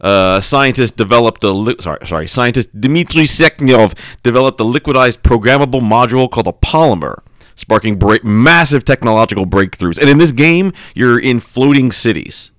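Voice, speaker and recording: A man co-hosting a casual podcast, rambling and swearing as he talks excitedly about a video game. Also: mid-range voice, moderate pace, no echo, clean studio sound. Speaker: podcast co-host. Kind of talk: casual chat.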